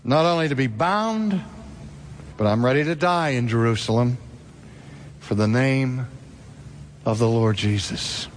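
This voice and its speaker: Role: the apostle Paul, as a preacher acts him. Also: male voice, medium pitch, measured pace, pauses often, slight background noise, lightly acted. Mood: resolute. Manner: earnest, pleading, emphatic. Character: the apostle Paul, resolute, impassioned older man.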